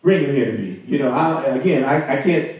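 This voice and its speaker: In a church sanctuary, a man preaches a chatty sermon in a mid-range, expressive, slightly mellow voice at a brisk clip. The congregation calls back to him and he laughs often, all captured from afar in a heavily reverberant space.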